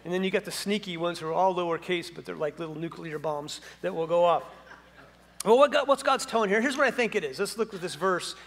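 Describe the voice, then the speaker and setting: High-voiced male pastor in a reverberant church. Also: lively intonation, brisk, a bit bright. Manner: conversational, asks the audience many questions, speaks with humor. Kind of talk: sermon. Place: church sanctuary.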